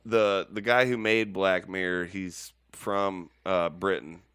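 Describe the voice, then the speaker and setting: A man's voice: sits low, fairly even intonation, takes it slowly, a bit bright, clear, resonant tone, no room sound, clean studio sound. A man co-hosting a casual podcast, rambling and swearing as he laughs through his stories. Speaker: podcast co-host.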